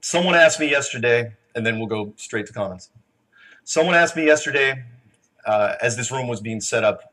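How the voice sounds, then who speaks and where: A man's voice: medium pitch, lively intonation, moderate pace, sharp tone. A man speaking live to a large conference audience, chatty and emotional, with stumbling restarts, before taking questions.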